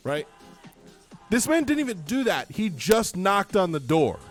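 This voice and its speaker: Animated, exasperated male streamer. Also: sits high, unhurried, soft background music. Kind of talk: casual storytelling chat.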